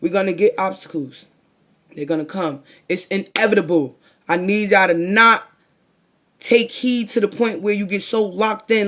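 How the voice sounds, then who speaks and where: A woman's voice: medium pitch, normal speed. A woman vlogger giving a blunt, profane motivational monologue full of rhetorical questions. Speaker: spiritual vlogger.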